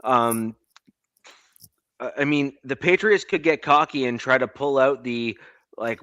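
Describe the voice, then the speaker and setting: A man's voice: medium pitch, slow pace, a bit bright, clean tone, no room sound, dull audio. A man from Canada co-hosting a casual sports podcast, opinionated and repeating himself to make a point. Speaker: podcast co-host.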